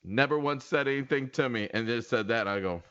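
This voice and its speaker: A man's voice: mid-range voice, quick pace, smooth, no echo, muffled recording. A man co-hosting a casual podcast, telling stories with lots of laughter and repeated words. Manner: animated storyteller, laughs often, repeats himself. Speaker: podcast co-host. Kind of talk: casual chat.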